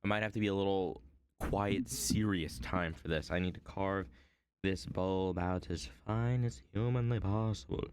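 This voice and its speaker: A man's voice: low voice, fairly even intonation, normal speed, a little mellow, clear, resonant tone, no echo. A young man streaming his art, rambling casually through a story with many fillers and self-deprecating asides.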